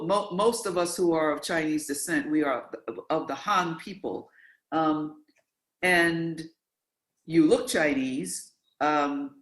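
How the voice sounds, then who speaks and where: Animated host in an echoey room. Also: medium pitch. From New York, USA. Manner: animated, emphatic storyteller, repeats words. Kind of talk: interview, conversational. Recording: roomy, echoey sound.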